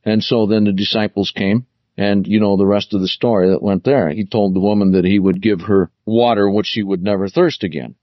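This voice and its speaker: A man teaching through the Bible verse by verse, deliberate, stressing key words as he explains them. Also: lowish voice, fairly even intonation, no echo, highs cut off.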